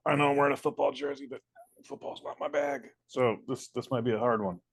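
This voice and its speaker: A man co-hosting a casual comedy podcast, telling absurd stories in a deadpan, stammering way. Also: mid-range voice, fast, vocal fry, husky, no echo. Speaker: podcast co-host. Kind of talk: casual chat.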